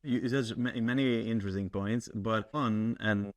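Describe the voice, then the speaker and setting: A man hosting a tech podcast, asking his guest questions in a measured, slightly halting way. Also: fairly low pitch, steady tone. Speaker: podcast host. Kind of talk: interview questions.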